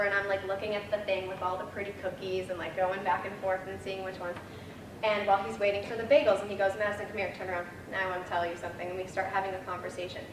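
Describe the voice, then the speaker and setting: A young woman in her twenties shares funny memories at a memorial, chatty and full of fillers. She sounds far from the mic in a roomy, echoing hall. The noisy room is clearly heard behind her. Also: mid-range voice. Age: 20s. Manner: chatty, laughing, storytelling with many fillers. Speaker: granddaughter giving a eulogy. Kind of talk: memorial speech with funny stories.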